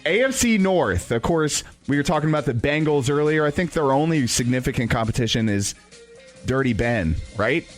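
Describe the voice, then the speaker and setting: A man's voice: medium pitch, fairly quick, faint music behind. A man hosting a casual sports talk radio show, joking and laughing as he goes through predictions. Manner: lively, joking, laughs often.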